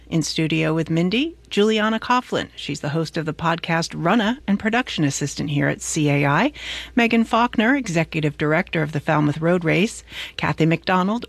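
A woman introducing the guests on a radio talk show in a clear, announcing way. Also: on the low side, no echo. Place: radio studio.

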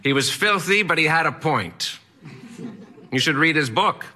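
Guy doing a quirky old latin teacher voice, weird accent, pitched way up, blunt and showy. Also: animated, a little slow, pushed and bright, full character voice. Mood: amused, blunt. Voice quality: strange eccentric accent. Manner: blunt, theatrical, exclaiming. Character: eccentric old male Latin teacher, gruff but fond.

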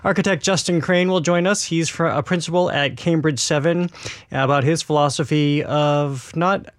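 A man's voice: on the high side, normal speed, no echo. Polished male host previewing his show. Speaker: radio show host, guest in studio.

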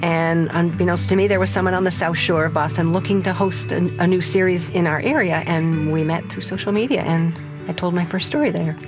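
An older woman, a self-taught storyteller, telling a personal story in a lively, humorous way, her pitch jumping up for punchlines. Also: fairly quick, hardly any pauses, music in the background. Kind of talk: personal story told to an audience.

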